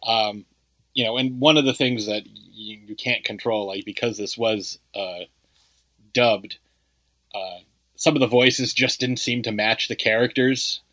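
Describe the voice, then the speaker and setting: A man's voice: fairly low pitch, fairly even intonation, unhurried, a bit bright, no echo, low-quality recording. A man co-hosting a casual movie review podcast, talking in a loose, rambling way full of "like" and "you know.". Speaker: podcast co-host.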